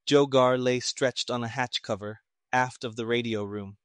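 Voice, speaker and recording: A man narrates an audiobook in a steady, plain storytelling manner, with a voice of middling pitch. The recording is dry and close, with no room echo behind it. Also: moderate pace, hardly any pauses, smooth.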